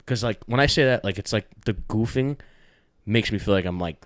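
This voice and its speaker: A man's voice: on the low side, fairly quick, dry recording, studio quality. A young man co-hosting a podcast, chatting casually, rambling with lots of filler words and swearing. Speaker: podcast co-host. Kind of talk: casual chat.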